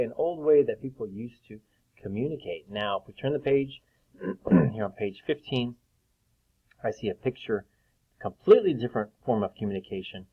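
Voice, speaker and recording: A man teaches young children to read in a slow, patient way, sounding out each letter and clearing his throat now and then. His voice sits a little low. The recording is thin and tinny, like a phone line. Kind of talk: classroom lesson for young children.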